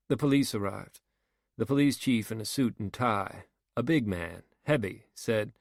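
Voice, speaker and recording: Steady male audiobook narrator, dry sound. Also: fairly low pitch, unhurried, creaky, dry recording. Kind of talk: scripted narration.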